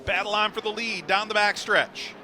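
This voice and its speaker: A man calling a stock car race live, building excitement toward the finish. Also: sits high, moderate pace, noisy background. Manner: excited, rising to shouts at the finish. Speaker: race commentator.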